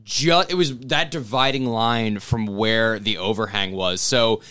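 A man telling a story in casual chat with friends, animated and cursing often. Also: lowish voice, a little slow, clear, resonant tone, no room sound. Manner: animated, swears a lot, laughs through the story.

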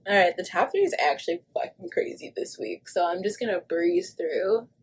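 Chatty, husky woman podcaster. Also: mid-range voice, very animated, moderate pace. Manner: chatty, filler-heavy, swears freely. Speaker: podcast co-host. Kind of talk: casual pop-culture chat.

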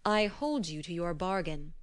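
A woman voicing a calm, firm wanderer man. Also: fairly low pitch, a little slow. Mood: steady. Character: calm, cunning male wanderer, a god in disguise.

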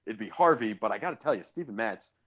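A man's voice: fairly low pitch, animated, fast, fairly bright tone, muffled recording. A man co-hosting a podcast, chatting casually about sports and ranting with sarcastic asides. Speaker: podcast co-host.

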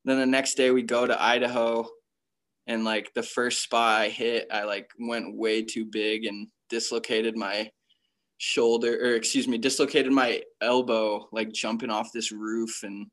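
A man's voice: mid-range voice, flat delivery, unhurried, a bit bright. A young man from Connecticut telling stories about his career in a casual interview, full of slang and filler words. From Connecticut, USA. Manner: laid-back slang, constant "like" fillers. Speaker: professional freeskier, interview guest.

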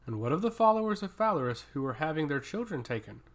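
A man's voice: fairly high pitch, sing-song, fast talker. A man voicing a proud, powerful woman priestess who speaks in a curt, cutting way, in an audiobook reading. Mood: pressing.

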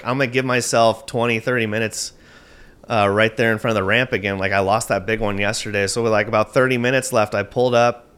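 This podcast guest, a man with a smooth and fairly low-pitched voice, tells an animated tournament fishing story. He's excitable, uses "like" a lot, and swears casually.

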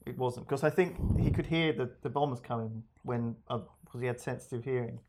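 A man's voice: mid-range voice, brisk, noisy background. A man co-hosting a casual chat, telling a rambling story with restarts and reading bits aloud.

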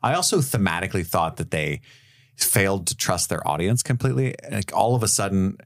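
Low, lively man co-hosting a podcast. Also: a little fast. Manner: joking, animated, slips into silly voices. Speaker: podcast co-host. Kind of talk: casual chat.

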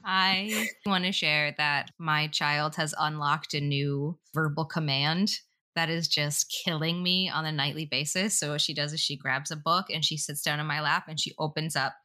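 Low-voiced, bright, animated woman. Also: normal speed. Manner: animated storyteller, laughs often. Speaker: podcast co-host. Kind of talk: casual podcast chat.

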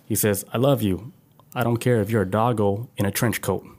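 A man's voice: on the low side, steady tone, a little fast, a little mellow. Easygoing man leading casual podcast topics. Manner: easygoing, leads topics, reads quotes aloud. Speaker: podcast co-host. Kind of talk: casual chat, reading out news items.

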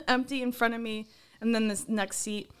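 A woman's voice: fairly high pitch, fairly even intonation, normal speed, clear, resonant tone. A young woman on a podcast, chatting casually and laughing at herself as she talks. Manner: giggly, self-mocking, often laughing through her words. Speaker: podcast co-host. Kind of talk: casual chat.

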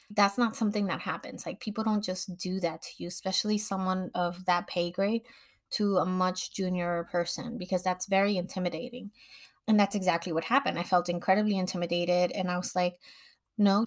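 Woman telling a lively personal story. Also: lowish voice. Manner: animated retelling, acts out quoted dialogue, laughs. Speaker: podcast host.

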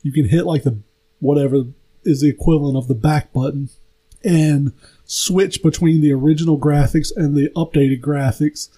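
Young guy, mellow kinda higher voice, tossing out fast jokes on a chill podcast. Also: fairly even intonation. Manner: quick joking asides, says "oh, yeah" a lot. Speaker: podcast co-host. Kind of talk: casual chat.

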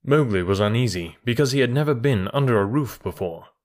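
A man reading a classic storybook aloud in a calm, measured way. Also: mid-range voice. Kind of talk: storybook narration.

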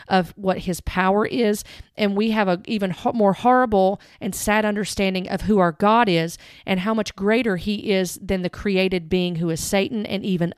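A woman's voice: mid-range voice, clean tone, no echo, clean studio sound. A woman giving earnest, direct commentary, stressing key words as she talks it through. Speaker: Christian commentator. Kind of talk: earnest commentary with read-aloud quotes.

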